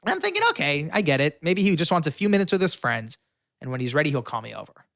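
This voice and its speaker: A young man recounts a story with animated energy, leaning on fillers and slipping into the voices of the people in it. His voice sits a little high. The sound is dry and close. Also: fast, vocal fry, no room sound. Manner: acts out quoted voices, shouting and pleading; frequent fillers. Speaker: guest storyteller.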